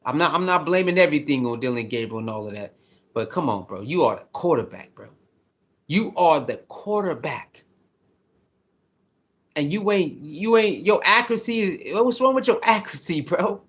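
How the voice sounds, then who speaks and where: A man's voice: on the high side, sing-song, normal speed. A man delivering a heated, profane sports commentary rant, repeating his points with mounting frustration. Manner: fired-up, profane, repetitive.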